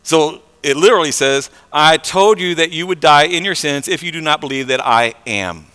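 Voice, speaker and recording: A pastor preaching a conversational sermon, repeating words and swinging between soft and loud passages. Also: male voice, fairly high pitch, normal speed, clear, resonant tone, long reverb tail.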